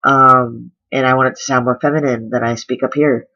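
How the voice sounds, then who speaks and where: A man's voice: medium pitch, little pitch movement, normal speed, pushed and bright, highs cut off. A man vlogging a casual voice tutorial, explaining step by step with lots of ums. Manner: chatty, filler-heavy explaining. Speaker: voice coach vlogger.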